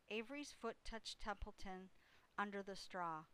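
A woman reading a children's book aloud in a slow, unhurried way, with small slips. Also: mid-range voice, fairly bright tone, clean tone, poor audio. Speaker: storyteller.

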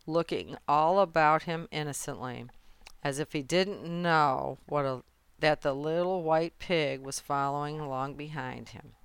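Woman narrator, children's book read-aloud, low voice, slow measured pace, very clear, dry close sound. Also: no echo. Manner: gentle, measured storytelling. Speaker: storybook narrator.

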